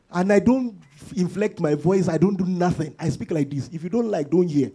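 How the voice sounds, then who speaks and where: A man preaching a church sermon, moving from calm teaching into shouted, sing-song declarations. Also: sits high, brisk, few pauses, husky. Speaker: pastor. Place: church service.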